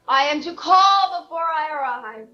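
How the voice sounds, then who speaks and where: A woman's voice: high-pitched, lively intonation, a little slow, bright, forceful tone, faint music behind, exaggerated voice. A woman playing an outspoken adult daughter who talks earnestly and emphatically. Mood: firm. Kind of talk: stage play acting. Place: theater stage. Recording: dull lo-fi stage recording.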